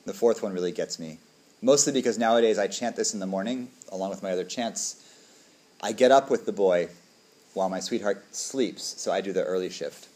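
A man's voice: on the low side, a little fast, a little mellow. A man, a dharma teacher, giving a reflective, conversational talk to a group and often asking "right?".

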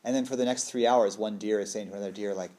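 A man talking as a trauma therapist in a relaxed, conversational way, often checking in with the listener and playfully acting out little quoted voices. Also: lowish voice, fast talker. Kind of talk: casual explanatory talk.

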